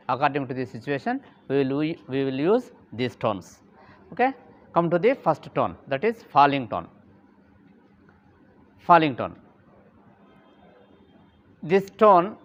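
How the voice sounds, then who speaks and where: A man giving a lesson, speaking deliberately, repeating key terms and saying "okay" often. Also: on the high side, highs cut off. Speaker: English teacher. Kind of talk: classroom lecture.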